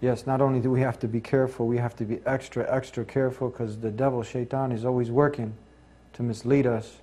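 A man's voice: medium pitch, little pitch movement, brisk, mellow. A man hosting an interview show, earnest, asking long, leading questions. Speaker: talk show host.

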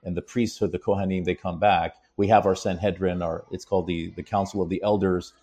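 Husky, mellow-voiced man explaining. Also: deep voice, steady tone, fairly quick. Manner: explanatory, reads quotes aloud with emphasis. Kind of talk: conversational commentary.

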